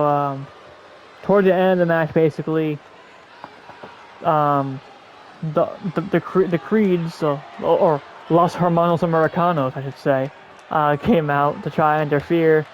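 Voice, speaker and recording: A man's voice: fairly high pitch, a little hiss or hum, poor audio. Chatty man recapping a wrestling show. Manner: rambling, repeats words, laughs at himself. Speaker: podcast host. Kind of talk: casual wrestling recap chat.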